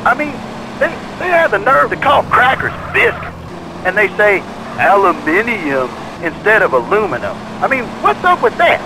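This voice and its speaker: A loudmouthed, boorish radio caller who rants with scorn and keeps tacking "man" onto every line. His voice sits high and swoops up and down a lot. It comes through as radio audio with clear street noise under it. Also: wildly swooping pitch, moderate pace, full character voice. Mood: scornful rant. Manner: ranting, says "man" constantly. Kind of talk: talk radio call-in rant.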